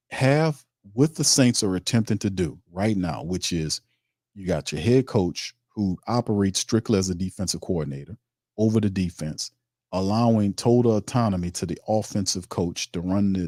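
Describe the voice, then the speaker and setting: A man's voice: low voice, animated, moderate pace, a little mellow, no room sound, clean studio sound. A man hosting a sports talk stream, reading chat comments and ranting emphatically in informal, streetwise speech. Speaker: sports show host.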